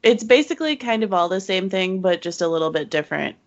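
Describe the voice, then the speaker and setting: A woman's voice: medium pitch, expressive, fast talker. A woman co-hosting a casual podcast, chatty and teasing, laughing often as she talks. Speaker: podcast co-host. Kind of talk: casual chat. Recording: dull lo-fi home recording.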